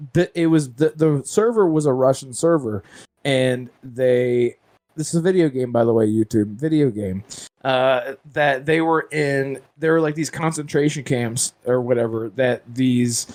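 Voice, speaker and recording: A man co-hosting a podcast, telling a story in casual chat and halting often with fillers. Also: mid-range voice, darkish tone. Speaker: podcast co-host.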